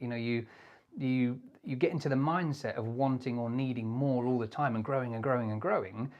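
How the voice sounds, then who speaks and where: A man hosting a casual livestream, talking in a chatty, animated way with playful asides and easy laughs. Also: medium pitch. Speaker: host.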